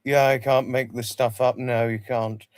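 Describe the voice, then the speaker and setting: A man's voice: mid-range voice, flat delivery, a little slow, no echo, studio quality. A man hosting a casual livestream, rambling, repeating himself and greeting viewers by name. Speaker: livestream host.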